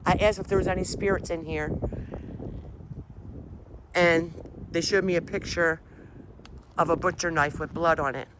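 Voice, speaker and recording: A woman's voice: lowish voice, fairly even intonation, moderate pace, pauses often. A woman vlogging a paranormal walk outdoors, questioning spirits aloud and talking to her viewers. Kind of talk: casual ghost-hunting vlog. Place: outdoors, sunny rural grounds. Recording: outdoor recording with background noise.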